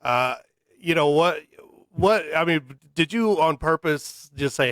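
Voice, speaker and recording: A man's voice: on the high side, moderate pace, fairly bright tone, smooth, no room sound. A man co-hosting a casual talk show who asks questions in a playful, joking way. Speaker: co-host. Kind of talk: casual radio chat.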